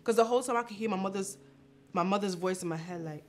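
Animated young woman telling a story. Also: medium pitch, quick pace, faint music behind. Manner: animated, laughing, acts out quotes. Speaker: vlog host. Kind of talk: casual storytelling.

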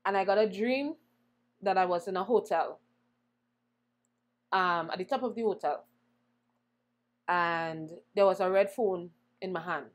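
A young woman singer, a guest in an interview, telling her story in an animated way and acting out the voices she quotes. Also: fairly low pitch, measured pace, long pauses. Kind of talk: conversational storytelling.

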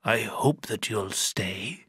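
A frail old country doctor in his sixties, played by a male narrator, barely able to talk. He speaks slowly and softly, every word an effort. The recording is dry. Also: mid-range voice, lively intonation, husky, dry recording, heavily acted. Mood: weak weary. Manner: slow, weary, labored speech. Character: gravely ill old country doctor, weak and tired.

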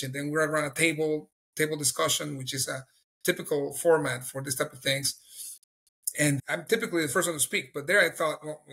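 Middle-aged man, earnest testimony teller, fairly high, bright tone. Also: husky. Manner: earnest, storytelling, acts out his own past thoughts. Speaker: guest telling his faith testimony. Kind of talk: personal testimony in an interview.

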